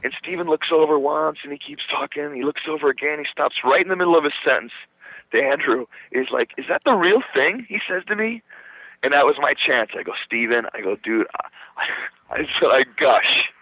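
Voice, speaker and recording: Animated male storyteller on dull radio. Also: fairly high pitch, fairly quick, dry recording. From Minnesota. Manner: animated storyteller, acts out quoted voices, swears casually. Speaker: guitarist guest. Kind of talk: casual storytelling interview. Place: radio studio. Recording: dull dry radio recording.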